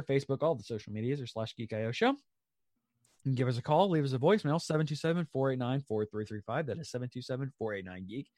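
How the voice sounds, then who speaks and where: A man's voice: mid-range voice, no echo, studio quality. A man hosting a casual podcast, running through plugs and show titles, laughing often. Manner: animated, laughs often, reads plugs briskly. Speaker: podcast host. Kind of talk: casual chat.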